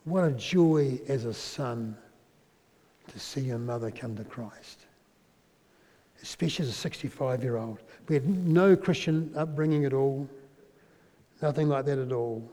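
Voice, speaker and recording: A man preaching a sermon, telling a personal story and dropping to a soft, quiet voice at emotional moments. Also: medium pitch, measured pace, pauses often. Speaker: pastor. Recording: long reverb in a large hall.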